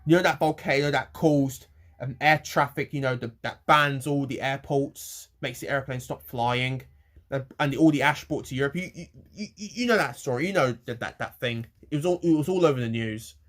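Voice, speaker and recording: A young man ranting to camera in a rambling, halting way, swearing freely. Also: medium pitch, a bit bright. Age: young adult. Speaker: vlogger. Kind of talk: casual rant to camera.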